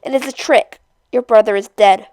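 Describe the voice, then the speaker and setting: A woman reading aloud as a weary, frail, half-blind old man who speaks quietly and flatly. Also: a little high, normal speed, natural voice. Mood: grim. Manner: quiet, flat, tired delivery.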